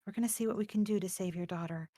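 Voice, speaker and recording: A woman's voice: medium pitch, very fast, dark tone, dry recording, clean studio sound. A woman player in a tabletop game, thoughtful and musing aloud over a voice call. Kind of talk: casual game chat.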